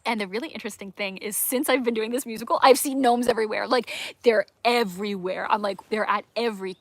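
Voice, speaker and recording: Rambling, excitable woman creator. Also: fairly high pitch, fast talker, dry recording. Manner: rambling and enthusiastic, with many fillers. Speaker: creator and musical theater teacher. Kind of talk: casual chat.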